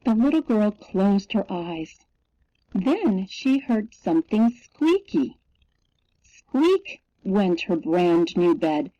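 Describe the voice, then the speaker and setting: Woman storybook reader, lively pitch, slightly raised voice, dry close sound. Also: no room sound. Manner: slow, expressive storytelling. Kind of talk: reading a picture book aloud. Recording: dull lo-fi recording.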